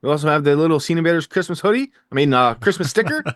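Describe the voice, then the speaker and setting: A man hosting a casual TV recap chat, energetic and jokey, with quick fast-talking asides, recorded indoors. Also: fairly high pitch, no room sound, studio quality. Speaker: podcast host.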